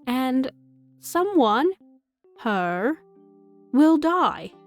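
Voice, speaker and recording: A woman's voice: a little high, darkish tone. A young woman casually recapping a game's story as a gaming host, chatty and self-mocking, laughing often.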